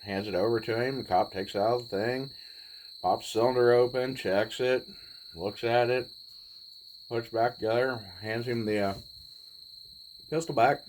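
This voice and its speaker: A man's voice: medium pitch, steady tone, slight background noise, low-quality recording. Forties guy rambling through an old story, easygoing folksy talk, crickets chirping faintly. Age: 40s. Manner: laid-back, rambling, folksy, with pauses. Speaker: vlogger. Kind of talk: casual storytelling.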